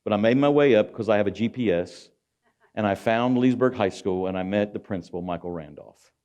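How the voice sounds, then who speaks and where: With a fairly low, darkish voice and a fairly quick pace, this middle-aged man addresses an auditorium as a guest speaker. His motivational speech is preachy, full of rhetorical questions aimed at the crowd.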